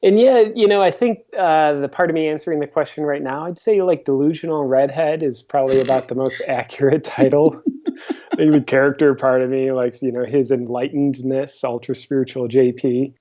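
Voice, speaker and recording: A man speaking as a guest on an interview show, relaxed and wry as he muses. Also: mid-range voice, fairly quick. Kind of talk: casual interview chat. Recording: dull lo-fi audio.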